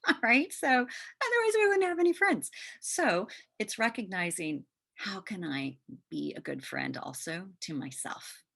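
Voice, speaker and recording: A woman hosts a casual self-help talk with a lively, swooping delivery. Her voice is gravelly and a bit husky, and it sits on the low side. She keeps it gentle and conversational. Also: unhurried. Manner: gentle, conversational, often asks "right?". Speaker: podcast host.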